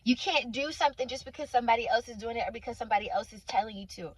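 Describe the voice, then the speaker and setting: A woman's voice: fairly high pitch, very fast, husky, dry recording, poor audio. A woman giving informal preaching to her listeners, stressing points by repeating phrases and calling them honey and sweetheart. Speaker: Christian faith speaker.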